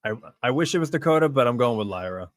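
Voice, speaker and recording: A man reacting live to a wrestling show, chatting to viewers and calling the action play by play like an excitable fan. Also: mid-range voice, quick pace, no echo, clean studio sound.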